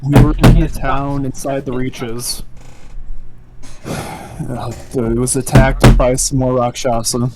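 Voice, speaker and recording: A man playing a bitter, defiant dragonborn paladin held in chains, talking in a slow, bitter, pleading way. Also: medium pitch, level tone, loud music behind the voice, natural voice.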